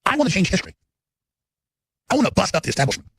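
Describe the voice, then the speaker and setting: A man's voice: high voice, sing-song, rapid-fire, vocal fry, a bit bright, breathy edge, dry recording. A man in his forties hosting a talk show, delivering an unscripted, emphatic, rambling live monologue.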